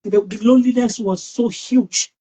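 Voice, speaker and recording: A middle-aged woman hosts an online talk over a video call. She tells a personal story in a lively, outgoing way, often restarting her sentences. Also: on the high side, normal speed, rough recording. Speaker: host.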